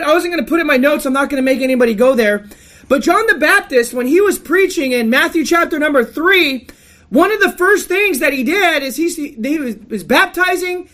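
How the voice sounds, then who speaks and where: High-voiced woman preaching emphatically. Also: fairly bright tone. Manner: emphatic, rebuking. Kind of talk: sermon with Bible reading.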